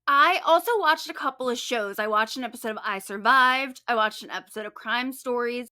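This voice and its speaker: A woman's voice: a little high, brisk, bright, forceful tone, no echo, clean studio sound. A woman co-hosting a true-crime podcast, telling the case in upbeat, chatty style with casual swearing. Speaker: podcast co-host and case writer.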